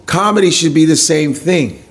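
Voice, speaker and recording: Comedian guy on a podcast, swears a lot, voice jumps all over, bit high. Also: normal speed. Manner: animated, profane, acts out hecklers in funny voices. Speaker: standup comedian guest. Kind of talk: casual podcast chat.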